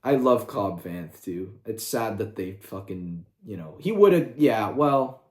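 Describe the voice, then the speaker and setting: A man ranting casually as a video creator, excitable and profane, with quick asides. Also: lowish voice. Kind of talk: casual rant. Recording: roomy echo.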